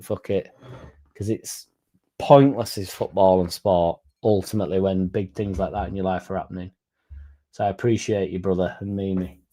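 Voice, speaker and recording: A young man from England, his voice lowish and warm, runs a fan stream. Reading the live chat aloud, he keeps things casual and drops swear words.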